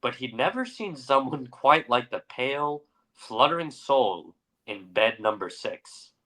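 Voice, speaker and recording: A young man co-hosts a podcast, moving from dramatic story narration into casual chat. His voice has a bright, forward tone. He keeps an unhurried pace. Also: mid-range voice, expressive. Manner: narrates dramatically, then chats with fillers. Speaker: podcast co-host.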